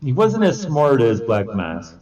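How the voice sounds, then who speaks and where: A young man co-hosting a casual podcast, chatting with animated energy and laughing as he acts out quotes. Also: mid-range voice, measured pace, crowd noise. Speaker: podcast co-host. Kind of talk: casual chat. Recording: distant, dull lo-fi podcast audio.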